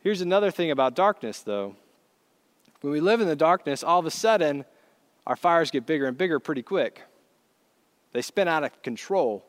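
A man preaching a storytelling sermon in an animated, conversational way. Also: on the high side, normal speed, pauses often.

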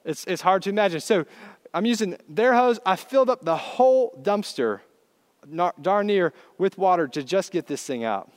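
High-voiced man telling a sermon story. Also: normal speed. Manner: animated, conversational storytelling. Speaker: preacher.

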